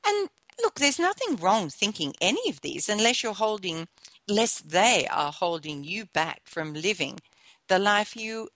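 A woman hosting a motivational talk show, speaking with conversational asides and gentle encouragement. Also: medium pitch, sing-song, unhurried, dry recording. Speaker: show host.

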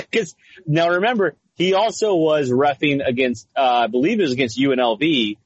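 Husky man, rambling sports talk. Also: a little high, normal speed, dry recording. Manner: rambling, animated storytelling with frequent fillers. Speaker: podcast co-host. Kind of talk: casual sports chat. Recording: slightly dull lo-fi sound.

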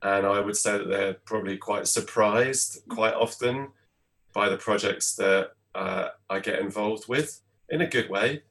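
A man who runs a theatre company, talking in a casual panel chat in a measured, reflective way. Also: lowish voice, vocal fry, a bit bright. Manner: measured, reflective, says "I guess". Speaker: theatre producer.

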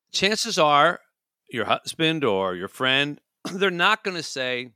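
A man co-hosts a casual talk show with a bright, forward tone. He tells stories in an animated way and jumps into exaggerated quoted voices. The sound is dry and close. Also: mid-range voice, takes it slowly, clean tone, no room sound. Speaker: co-host.

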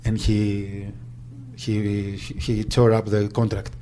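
Hesitant man, soft and mellow. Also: fairly low pitch, monotone, slight background noise. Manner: halting, with frequent restarts and fillers. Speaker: agent. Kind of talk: recounting memories in an interview.

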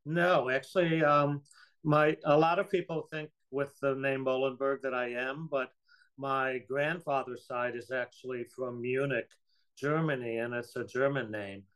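A man from Ohio, a theater producer, answering interview questions in a calm, friendly way. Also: medium pitch, a little slow, clean tone, poor audio. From Ohio, USA. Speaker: podcast guest, theater producer.

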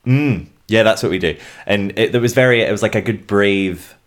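A man from Scotland with a Scottish accent, co-hosting a podcast in playful, joking banter. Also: on the low side. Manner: playful, joking, quick to laugh. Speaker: podcast co-host. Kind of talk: casual banter and quiz hosting.

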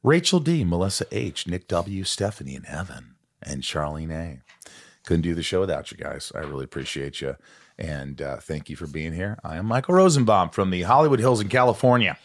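A man hosting a podcast, talking in a very low, deep voice with a playful, joking manner as he rattles off names. The sound is dry and close, with no room echo. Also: fairly quick. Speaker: podcast host. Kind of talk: casual chat.

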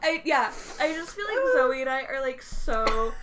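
A woman's voice: sits high, very animated, measured pace. A young woman in casual chat with a close friend, chatty and giggly, saying "like" a lot. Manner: chatty, giggly, heavy use of "like". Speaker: co-host.

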